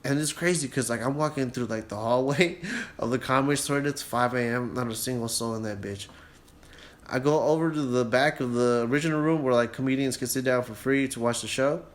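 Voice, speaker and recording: A man's voice: medium pitch, fairly quick. A young man hosting a solo podcast, casually telling a long profane story and acting out the people in it. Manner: profane, animated storyteller who acts out dialogue in a raised voice. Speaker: podcast host.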